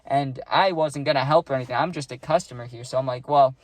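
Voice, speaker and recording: A man's voice: mid-range voice, fast talker, no room sound. A young man telling a casual storytime, rambling with lots of "like" and "right?", and swearing freely.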